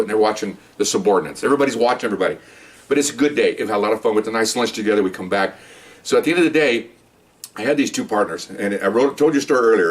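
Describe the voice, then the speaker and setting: Fast-talking middle-aged cop telling stories. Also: male voice, fairly low pitch. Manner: animated, acts out scenes with quoted voices; loose, rambling, frequent "okay?" and "you know". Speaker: police detective and supervisor. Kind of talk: casual storytelling. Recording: voice a bit distant from the mic.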